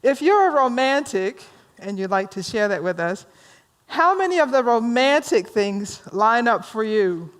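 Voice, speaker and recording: A woman minister leads a workshop in a higher, slow-paced voice. She tells stories in an animated way and draws the audience in with questions and easy laughter. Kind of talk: storytelling workshop talk.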